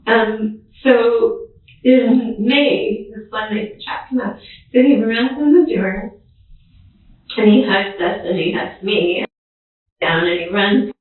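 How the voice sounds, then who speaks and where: Woman talking to police, stops and restarts a lot, thin phone-like sound from across an echoey room. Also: medium pitch. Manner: halting, repeats herself, acts out quoted speech. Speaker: godmother giving a police interview. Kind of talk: recorded police interview. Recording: echoey distant phone-like interview-room recording.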